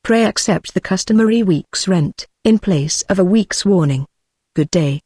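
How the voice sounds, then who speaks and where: A text-to-speech woman's voice with a British English accent, reading a classic novel aloud at a steady, measured pace without voicing the characters. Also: medium pitch, breathy edge, no echo, clean studio sound. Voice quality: synthetic, evenly paced. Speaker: audiobook narrator.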